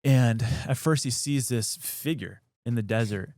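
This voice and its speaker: A man's voice: mid-range voice, unhurried, a little mellow, dry recording, clean studio sound. A man hosting a podcast, retelling an old story in a loose, rambling way full of fillers. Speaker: podcast host. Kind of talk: casual storytelling.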